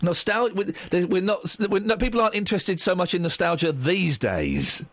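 Animated, teasing male radio host. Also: high-pitched, normal speed, no room sound. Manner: teasing, sarcastic, playful. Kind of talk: comic phone-in banter. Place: radio studio.

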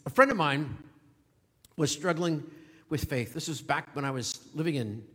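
A male pastor delivers a sermon in an easy, storytelling manner, chuckling as he goes. His voice sits a little high for a man. The sound carries the long reverb of a church sanctuary. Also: animated, normal speed, slightly rough. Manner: storytelling, chuckles often, warm conversational preaching.

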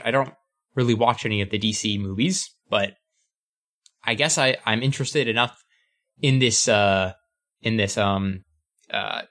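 Lively, animated male podcast co-host. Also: mid-range voice, fairly quick. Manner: playful, lively, many fillers. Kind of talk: casual chat.

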